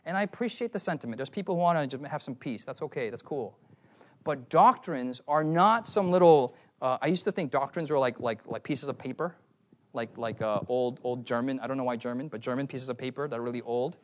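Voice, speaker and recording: A man preaching at a youth conference in a playful, animated way, often calling out to the audience. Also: mid-range voice, brisk. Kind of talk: sermon.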